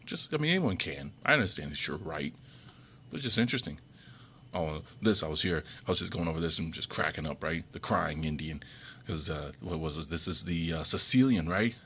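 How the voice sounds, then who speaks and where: A man gives an off-the-cuff commentary monologue for video, a little fast and expressive over slight background noise. It's rambling, full of restarts and repeated words, and his irritation shows in sudden jumps in pitch and loudness.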